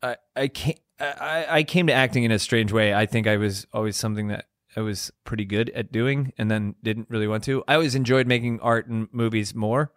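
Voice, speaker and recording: A man's voice: fairly low pitch, fairly quick, no room sound, studio quality. Rambling, self-mocking man from Baltimore. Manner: rambling, self-deprecating storyteller with many restarts. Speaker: guest actor. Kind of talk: casual chat.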